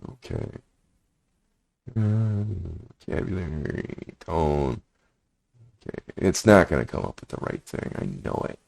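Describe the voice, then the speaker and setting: A man's voice: rumbling low, big pitch swings, measured pace, vocal fry, pauses often, a little mellow. A man walking through a screen demo, reading generated text aloud and muttering his thoughts between passages. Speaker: prompt engineering instructor.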